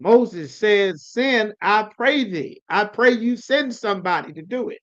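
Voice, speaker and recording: A man with a fairly high voice runs a live online scripture class, calling on students and teasing them in loose, slangy talk. The audio is dull and lo-fi, like a stream through a video call. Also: lively intonation, a little slow, fairly bright tone. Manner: calls on students, chiding and coaxing, slangy. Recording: lo-fi livestream audio.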